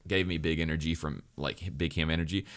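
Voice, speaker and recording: Low-voiced guy rambling thru an anime review, swears a lot, keeps restarting. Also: fairly even intonation, quick pace, fairly bright tone. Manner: rambling, frequent restarts and stutters, profane. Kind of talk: casual spoken review.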